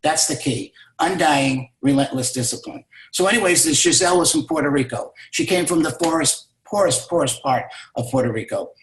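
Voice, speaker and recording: A man's voice: a little high, fairly quick, hardly any pauses. A man speaking as a business mentor, telling a motivational story emphatically and repeating key words for stress. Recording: roomy echo.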